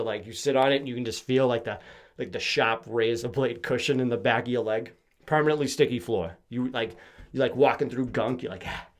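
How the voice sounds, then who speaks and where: A young man from Massachusetts, hosting a podcast in a casual comedic monologue, swearing freely and acting out quoted lines. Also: mid-range voice. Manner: profane, animated storytelling with mock-quoted voices. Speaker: podcast host.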